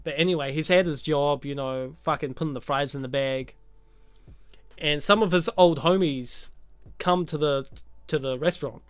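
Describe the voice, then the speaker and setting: A man's voice: on the high side, normal speed, a bit bright, clear, resonant tone, no room sound. Crude sarcastic man recapping a movie. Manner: sarcastic, crude, laughing asides. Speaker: YouTube movie commentator. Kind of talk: casual profane movie recap.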